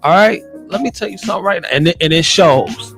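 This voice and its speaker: Blunt, animated American man. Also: sits high, brisk, vocal fry, faint music behind. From United States. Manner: animated, blunt, exclaiming reactions. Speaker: nurse podcast host. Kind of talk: casual commentary on news articles.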